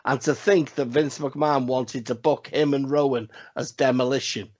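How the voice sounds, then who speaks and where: A man's voice: medium pitch, fairly even intonation, moderate pace, darkish tone. A man co-hosting a casual wrestling podcast, talking in a rambling, profane way with emphatic repeats. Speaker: podcast co-host.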